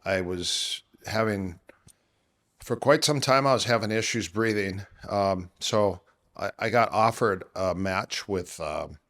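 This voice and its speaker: A middle-aged man, an MMA coach, telling long stories in a casual interview, rambling with many fillers and restarts, his voice worn from years of yelling. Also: on the low side, takes it slowly. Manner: rambling anecdotes with many fillers and self-corrections.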